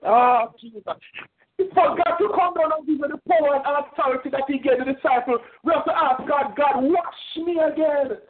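High-voiced fervent male preacher. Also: brisk, slight background noise. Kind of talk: sermon. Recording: tinny phone-like sound.

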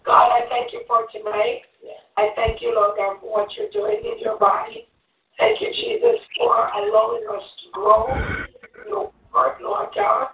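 A woman's voice: a little high, lively intonation, a little slow, creaky, recorded from a distance, a little hiss or hum. Fervent woman praying over an echoey phone line. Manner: earnest, fervent, repeating invocations. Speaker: evangelist, church member. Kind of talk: testimony and spoken prayer on a group call.

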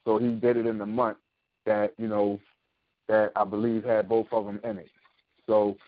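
A man's voice: lowish voice, level tone, normal speed, no echo. A man hosting a casual talk show, explaining his views emphatically and often asking "you know what I mean?". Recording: thin phone-like sound.

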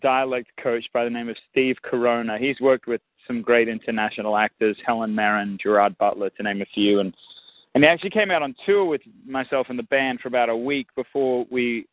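A man's voice: mid-range voice, no room sound. A man with an Australian accent, a musician and actor talking thoughtfully as an interview guest, often restarting his sentences. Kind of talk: casual interview. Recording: dry, phone-like line.

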